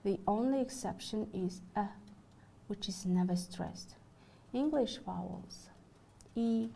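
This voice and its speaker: A woman giving a recorded university lecture. She reads from notes in a careful, measured way. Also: medium pitch, warm tone, slight background noise.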